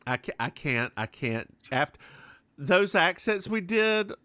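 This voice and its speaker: His voice sits high and he speaks a little slowly, in a dry recording. He's a podcast co-host chatting casually through a TV episode recap, animated, slipping into voices for quotes, and cursing freely.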